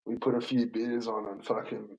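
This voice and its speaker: A man's voice: fairly low pitch, flat delivery, normal speed, creaky, a little mellow, highs cut off. A young man telling a story in casual chat, swearing a lot, laughing as he goes and putting on the voices of the people he quotes. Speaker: bar worker telling a story.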